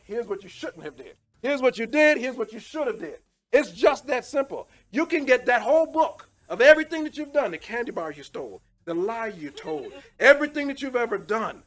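High, bright-voiced impassioned preacher. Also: male voice. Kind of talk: sermon.

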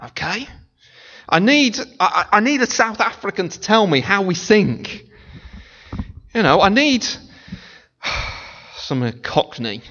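A high-voiced man preaching with a lively, swooping delivery. He keeps it playful and chatty, slipping into mimicry of others. The recording is muffled and lo-fi, with the long echo of a large church hall. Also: slow, pauses often. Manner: animated, playful, breaks into sung snippets and mimicry. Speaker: pastor. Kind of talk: sermon. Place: church sanctuary. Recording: dull lo-fi sound in a large reverberant church hall.

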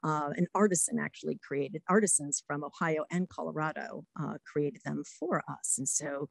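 A middle-aged woman, a former diplomat, giving a talk full of lively anecdotes and acted-out quotes. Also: deep voice, moderate pace, creaky, few pauses, no room sound, low-quality recording. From United States. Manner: lively anecdotes, acts out quotes, laughs often. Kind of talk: storytelling talk.

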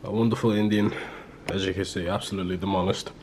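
A man's voice: low voice, level tone, fast talker, noisy background. A young man from Liverpool chatting to his camera at home in a rambling, self-mocking way, full of fillers and restarts. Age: young adult. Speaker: vlogger. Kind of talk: casual rambling vlog chat. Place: at home indoors.

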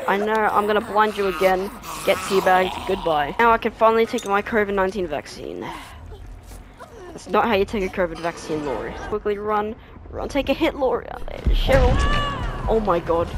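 A young adult gaming creator giving live, reactive commentary over gameplay, with quick exclamations and frequent laughs. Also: medium pitch. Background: background music.

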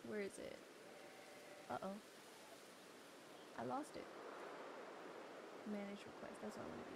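A woman's voice: fairly high pitch, background noise. A young woman streaming a game live, chatting playfully with her chat and bursting into squeals.

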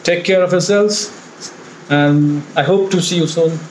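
Earnest man, fairly high voice. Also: rough recording. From India. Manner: earnest, hesitant, with frequent uh pauses. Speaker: amateur singer thanking his online group. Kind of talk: casual thank-you video message. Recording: faint background noise.

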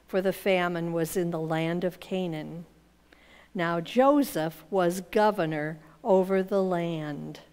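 A woman's voice: mid-range voice, long reverb tail. A woman telling a Bible story to children, animating the characters' lines as she teaches. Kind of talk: storytelling Bible lesson for kids.

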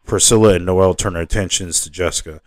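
A man's voice: sits low, fast, no room sound. A man reading his own fantasy novel aloud in a plain narrating voice, now and then stumbling and restarting a word. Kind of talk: audiobook narration.

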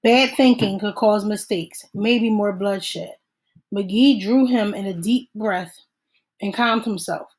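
Woman, narrator, audiobook read-aloud, steady, measured, mid pitch. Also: rough recording.

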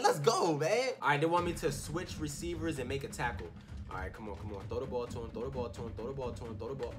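A man plays a football video game in his room and talks through every snap in loose slang. His voice is very animated, dropping to low grumbles and then leaping into shouts. Music plays clearly underneath him. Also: fast talker. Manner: excitable, swings from muttering to shouting, slangy. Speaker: gaming YouTuber. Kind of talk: live gameplay commentary. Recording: music playing behind.

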